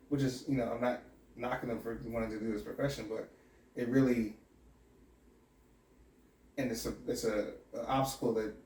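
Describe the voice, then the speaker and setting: A man's voice: medium pitch, a little mellow, reverberant, far from the mic, slight background noise. A man who works as a sheriff's deputy and academy instructor, talking candidly and reflectively in a podcast interview with many restarts.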